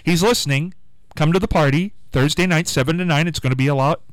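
A man's voice: on the high side, quick pace, no room sound. A man hosting a local radio show in a casual, upbeat, folksy way, plugging events. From Midwest US. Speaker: radio host.

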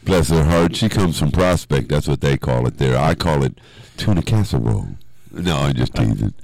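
Deep-voiced, animated man telling stories. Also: moderate pace, vocal fry, no echo, poor audio. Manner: animated storyteller, teasing, slips into funny voices. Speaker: radio show host. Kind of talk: casual studio chat and storytelling. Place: radio studio.

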